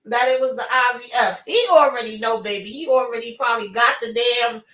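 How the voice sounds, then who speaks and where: A woman chatting on a live panel, emphatic and exclamatory, her voice high and bright. She sounds set back from the mic in an echoey room. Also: fairly quick, far from the mic. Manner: animated, exclamatory, quotes characters. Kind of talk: casual chat.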